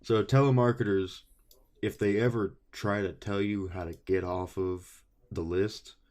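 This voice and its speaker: A young man with a lowish voice co-hosts a casual podcast. He tells stories in an animated, profane rush and acts out both sides of his own phone calls. It is loose, unscripted chat. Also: a little slow. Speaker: podcast co-host.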